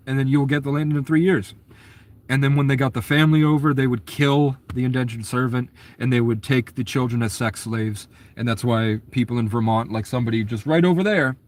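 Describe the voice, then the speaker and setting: A man in a rambling, profane monologue, jumping between ideas in restless bursts. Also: medium pitch. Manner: profane, conspiratorial rant, jumps between ideas. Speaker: documentary subject.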